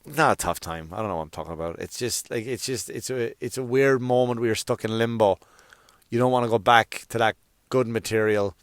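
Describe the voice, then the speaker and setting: Young male stand-up comic hosting his own podcast, loose, profane, rambling, restarts a lot; smooth tone, close and dry. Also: medium pitch, no echo. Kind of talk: casual rambling monologue. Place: around New York.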